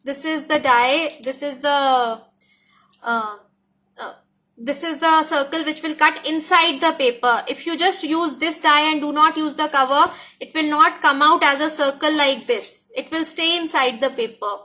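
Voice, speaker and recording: A woman's voice: high-pitched, measured pace, bright, forceful tone. A woman with an Indian English accent, a craft die designer giving an enthusiastic product demonstration, often repeating herself and slipping into Hindi. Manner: enthusiastic, repeats "look at this", code-switches to Hindi.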